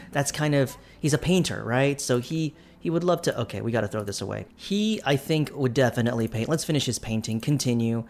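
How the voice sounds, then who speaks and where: A playful young man narrating his gameplay in a chatty, running commentary. His voice sits at an average pitch for a man, and he talks through every move he makes. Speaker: let's play host.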